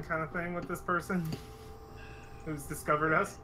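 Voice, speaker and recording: Young guy running a tabletop game, casual and rambling, kinda high voice, noisy background. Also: little pitch movement, normal speed. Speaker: dungeon master.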